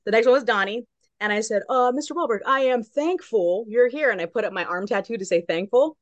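Lively woman telling a story. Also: on the high side, fairly quick, no echo, muffled recording. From Long Beach, California. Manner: lively storyteller, acts out quotes. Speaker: guest correspondent. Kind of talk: casual chat.

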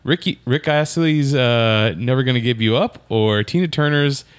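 A man hosting a relaxed podcast, his voice at an ordinary middle pitch. He leads the chat loosely, trailing off and restarting his sentences. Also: normal speed, clear, resonant tone, no echo. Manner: rambling, full of restarts. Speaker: podcast host. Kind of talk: casual chat.

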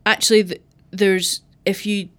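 A woman's voice: mid-range voice, flat delivery, a little slow, fairly bright tone. A woman with a mild Fife Scottish accent, co-hosting a casual podcast and explaining her thoughts at length. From Scotland, Fife. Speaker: podcast co-host. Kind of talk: casual chat.

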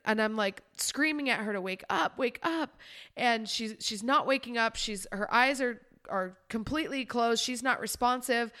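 A woman's voice: medium pitch, fairly bright tone, clear, resonant tone. A woman podcast host and life coach telling a personal story in a candid, emotional, conversational way.

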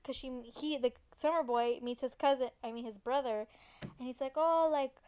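High-voiced chatty woman. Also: fairly even intonation, normal speed, a little mellow, smooth. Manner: chatty, chimes in and finishes the other's sentences. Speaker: co-host recapping a drama. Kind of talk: casual chat.

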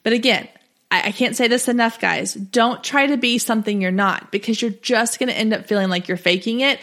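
A woman in her thirties talks straight to her listeners in a solo podcast episode. Her voice sits a little high, and her delivery is direct, chatty and encouraging, with quick lively asides. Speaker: podcast host and business coach for photographers. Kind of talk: solo podcast coaching talk.

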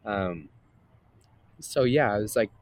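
A man's voice: lowish voice, expressive, slow. A man, a guest and content creator, chatting casually in an interview with a slightly nasal voice, rambling with many fillers and restarts.

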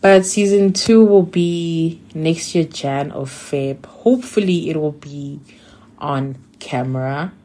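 A young woman from South Africa hosting her own podcast, chatting casually and excitedly with many "like" fillers. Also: low-pitched, takes it slowly. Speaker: podcast host. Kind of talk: casual solo podcast monologue.

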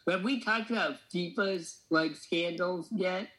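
A man's voice: sits high, sharp tone, rough recording. A man hosts a casual podcast with a slightly raised voice. He banters with his co-hosts and keeps dropping in wry jokes. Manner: joking, quick asides. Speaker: podcast host.

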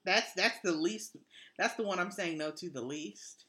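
A young woman chats on a podcast, blunt and firm in her opinions, dropping dry asides. Her voice sits on the low side but sounds bright. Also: measured pace. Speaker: podcast co-host. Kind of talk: casual chat.

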